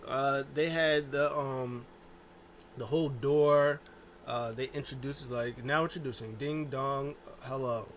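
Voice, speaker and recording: A man's voice: mid-range voice, steady tone, slow pace, a little hiss or hum. A man giving a loose, rambling casual recap monologue, full of filler words and restarts. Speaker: wrestling show reviewer.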